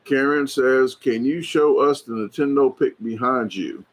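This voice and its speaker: A man hosting a casual livestream, rambling and chatty as he reads viewer comments aloud, filling pauses with lots of fillers and restarts. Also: mid-range voice. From United States. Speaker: livestream host. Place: indoors at a hobby shop.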